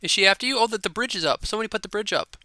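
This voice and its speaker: A high, very bright and smooth man's voice chatters excitedly over gameplay. He is a silly gaming host who repeats his lines, recorded dry and close on a desk mic. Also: rapid-fire, no echo. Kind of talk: casual gameplay commentary.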